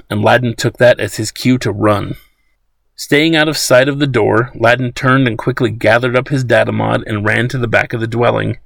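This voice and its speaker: Creaky-voiced male audiobook narrator. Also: medium pitch, a bit bright, dry recording.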